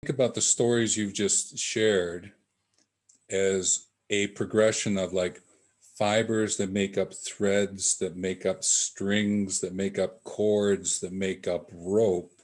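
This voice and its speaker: Man host, low voice, very slow deliberate questions, reflective. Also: little pitch movement, a little mellow. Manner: slow, thoughtful, searching. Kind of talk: interview questions.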